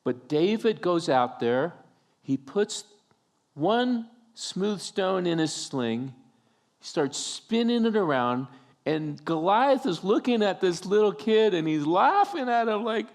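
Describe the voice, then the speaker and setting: A man's voice: high-pitched, big pitch swings, takes it slowly. A male pastor preaching a sermon, telling a story with humorous asides and acting out the scenes.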